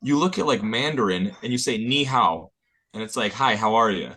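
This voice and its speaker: A man with a somewhat low voice chats casually as an interview guest. He tells his stories with animated energy and laughs often along the way. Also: fast talker, husky. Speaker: band member guest. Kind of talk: casual chat.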